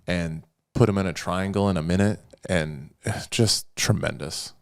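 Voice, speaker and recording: A man's voice: low voice, unhurried, clean tone. A man co-hosting a podcast, talking casually and animatedly about matches, joking and rambling. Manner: animated, jokey, rambling storyteller. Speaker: podcast co-host. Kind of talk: casual chat.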